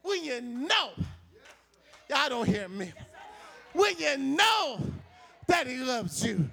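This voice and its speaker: A male preacher delivering a call-and-response sermon, shouting and chanting lines in rising waves and repeating himself. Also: very high voice, sing-song, takes it slowly, vocal fry, slightly rough, some chatter behind.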